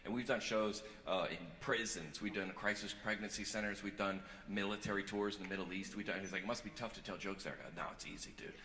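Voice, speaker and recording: A man doing a stand-up comedy set on stage, rambling and self-deprecating, swinging from earnest confession to loud joking. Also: lowish voice, steady tone, fast, hardly any pauses. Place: large theater on stage. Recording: echoey live hall recording with crowd noise.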